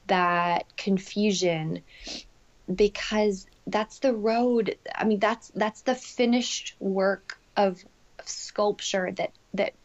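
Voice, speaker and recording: A woman speaking in a heartfelt way on a podcast, with many fillers and soft asides. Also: medium pitch, highs cut off. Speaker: parenting expert guest. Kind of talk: conversational podcast talk.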